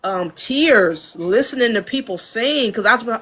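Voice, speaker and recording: A fairly high-voiced American woman talks shop in a relaxed interview. She is frank and animated, slipping into quick impressions of studio sessions and laughing easily, speaking from her home studio. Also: husky. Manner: animated storyteller, acts out studio dialogue. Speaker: audio engineer and producer, guest. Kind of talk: casual interview talk.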